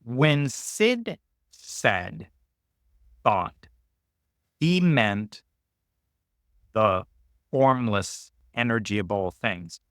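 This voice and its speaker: A podcast host guides a reflective conversation, speaking extremely slowly with long pauses in a slightly bright, very animated voice. Thoughtful and emphatic, he raises his pitch to stress key ideas; the studio-quality recording has no room sound.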